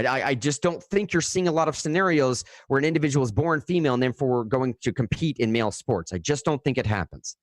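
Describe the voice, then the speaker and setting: Casual, animated male radio host. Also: mid-range voice, no echo, clean studio sound. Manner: casual and animated, frequent "dude" and "man", restarts when worked up. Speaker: radio news show host. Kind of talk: live talk radio commentary. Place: radio studio.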